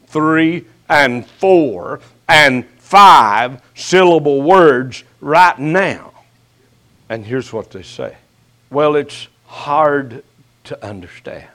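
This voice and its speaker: An older man preaching a sermon as pastor, his voice rising sharply and then dropping to a hush, with folksy, teasing jabs at his listeners. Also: on the high side, expressive. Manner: slow preaching with sharp rises and hushed drops.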